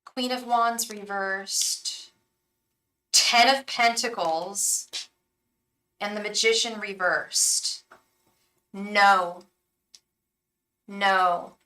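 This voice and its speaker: Bright-voiced chatty young woman tarot reader. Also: medium pitch, fairly even intonation, very slow, long pauses, rough recording. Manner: chatty and effusive, lots of ums and restarts; repeats incantations in a hushed voice. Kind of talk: live-stream tarot reading chat.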